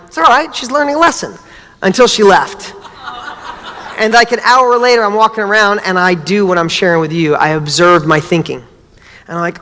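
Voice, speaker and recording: Male motivational speaker, middle-aged, animated storyteller, reverberant hall sound. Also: very high-pitched. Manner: animated storytelling, acts out dialogue. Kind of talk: motivational talk.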